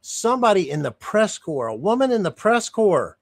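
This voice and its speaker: A man talks through his views in a loose, unscripted way, his voice sitting a little high for a man. He sounds indignant and often doubles back mid-sentence or drifts into digressions. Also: sing-song, normal speed, vocal fry. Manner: indignant, rambling, with frequent restarts and digressions. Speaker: streamer giving commentary. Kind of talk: casual unscripted commentary.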